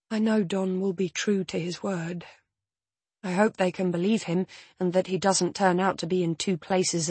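A woman narrating a first-person audiobook at a measured, even pace. Her voice sits a little low and has a husky grain. The recording is dry and close with no room sound. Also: no room sound.

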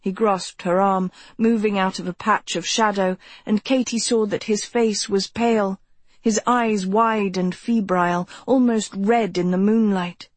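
A woman reads a novel aloud, slowly and evenly, with a husky edge to her voice. She sounds close and dry, as if in a small treated booth. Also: medium pitch, fairly even intonation, no echo. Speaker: audiobook narrator. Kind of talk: scripted audiobook narration.

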